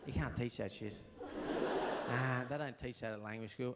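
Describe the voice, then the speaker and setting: A man's voice: medium pitch, fairly even intonation, moderate pace, very noisy. An Australian man performing a stand-up routine at a live show, wry and chuckling as he acts out little voices. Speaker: stand-up comedian.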